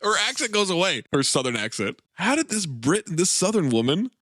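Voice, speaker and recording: Male podcast co-host, bright and lively, recaps with jokes, dry mic. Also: high-pitched, fairly quick, no room sound. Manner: recaps the plot with jokey asides and put-on accents. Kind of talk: casual movie recap chat.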